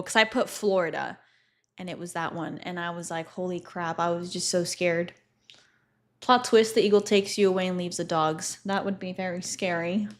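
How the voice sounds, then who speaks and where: A woman's voice: mid-range voice, a bit bright. A young woman livestreaming, casually telling stories to her chat, swearing freely and laughing often.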